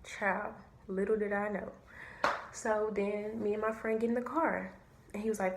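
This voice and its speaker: A young woman telling a story to camera, animated and slangy, swearing freely. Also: mid-range voice, moderate pace, slight background noise. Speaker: vlogger. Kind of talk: casual storytime. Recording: echoey room.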